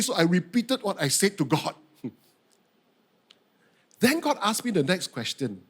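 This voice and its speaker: Man, middle-aged, preacher, very expressive pitch, slightly high voice. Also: measured pace, pauses often, slightly rough. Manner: animated storytelling, acting out his own outbursts. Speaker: pastor. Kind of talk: sermon.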